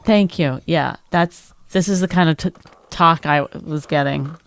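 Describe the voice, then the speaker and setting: A middle-aged woman co-hosting a podcast in casual chat, telling a story and acting out what people said in a raised voice. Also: measured pace. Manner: animated storyteller who acts out quotes in a high voice. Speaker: podcast co-host.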